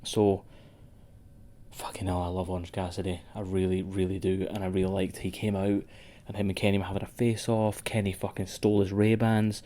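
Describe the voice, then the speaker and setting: A man's voice: low voice, flat delivery, brisk, mellow. A man co-hosting a wrestling podcast in sweary, rambling casual chat. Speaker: podcast co-host.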